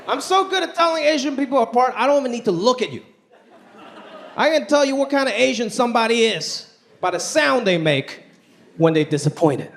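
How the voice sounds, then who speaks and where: A man doing a stand-up comedy set in a club, talking in an animated way and acting out other people's voices. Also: very high voice, fairly quick, gravelly, noisy background. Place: comedy club stage before a live audience. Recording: live club recording with loud audience laughter. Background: audience laughter.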